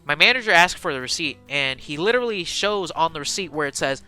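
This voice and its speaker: Bright, excitable young man telling a story. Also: fairly high pitch, fast talker, clear, resonant tone, faint music behind. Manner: animated, excitable, swings from mumbling asides to loud bursts; slangy and profane, full of fillers. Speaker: streamer. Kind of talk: casual storytelling to a live chat.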